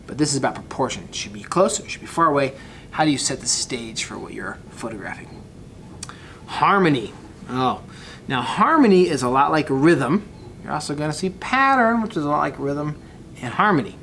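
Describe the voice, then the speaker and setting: A man's voice: fairly high pitch, lively intonation, moderate pace, vocal fry, fairly bright tone, slight background noise. A man teaching a photography class, talking casually through example photos and addressing his students directly. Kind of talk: recorded class lecture.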